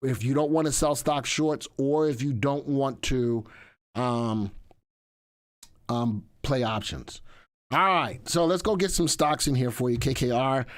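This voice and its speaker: A man's voice: medium pitch, unhurried. A man hosting a live stock market stream, talking casually and repeating himself as he reads the chat aloud. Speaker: livestream host.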